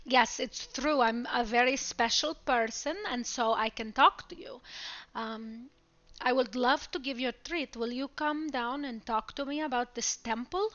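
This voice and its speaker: A woman's voice: fairly high pitch, measured pace, fairly bright tone, muffled recording, a little hiss or hum. A woman playing a tabletop game in character, gushing and theatrical. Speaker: player.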